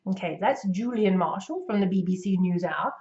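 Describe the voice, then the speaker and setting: A woman's voice: lowish voice, moderate pace, darkish tone. Accent coach, woman, North American English, patient demonstrative delivery, slightly dull recording. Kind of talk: instructional explanation to camera.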